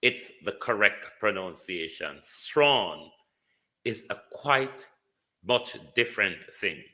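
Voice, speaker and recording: A man's voice: on the low side, expressive, slow pace, pushed and bright. A man with a Jamaican accent hosting a live stream, giving casual political commentary, greeting viewers by name and repeating words for emphasis.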